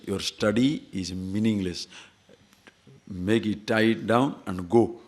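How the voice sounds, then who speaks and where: A man giving a scripture lecture as a spiritual teacher, asking rhetorical questions and repeating words for emphasis. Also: lowish voice.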